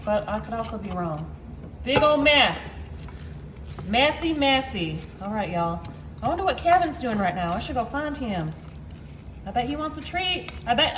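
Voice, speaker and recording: A woman's voice: high-pitched, noisy background. Chatty woman cooking in an echoey kitchen. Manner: chatty, folksy, talks straight to viewers. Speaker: home cooking channel host. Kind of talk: casual cooking demo chat. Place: home kitchen. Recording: echoey kitchen with faint ambience.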